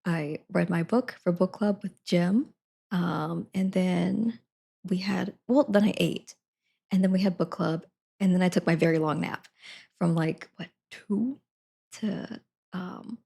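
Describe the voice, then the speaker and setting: Giggly woman with a gravelly voice. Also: lowish voice, measured pace, dark tone. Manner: giggly and rambling, laughs often. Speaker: live streamer. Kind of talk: casual chat to viewers. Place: at her desk at home.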